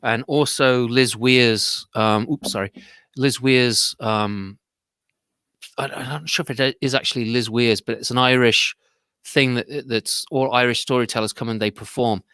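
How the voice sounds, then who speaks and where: A man's voice: mid-range voice, steady tone, unhurried, bright, forceful tone, clean tone, dry recording, clean studio sound. A man hosting a casual chat over a video call, rambling, with many restarts. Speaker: host.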